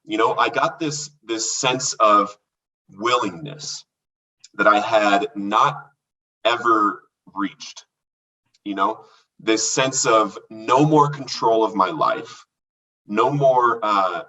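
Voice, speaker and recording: Man, husky, bright tone, lower pitch, earnest halting testimony, set back from the mic. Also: recorded from a distance, poor audio. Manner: earnest, halting, with many fillers and restarts. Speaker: guest sharing his recovery story. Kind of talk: candid testimony in a podcast conversation.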